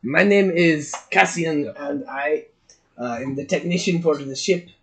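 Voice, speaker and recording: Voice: mid-range voice, measured pace, fairly bright tone. A player in a tabletop game speaking in a dry, guarded way during casual chat.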